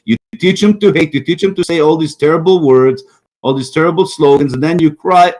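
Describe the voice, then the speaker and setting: A man's voice: a little high, lively intonation, normal speed, poor audio. A middle-aged man co-hosting a casual political talk show, rambling and mocking, often repeating himself.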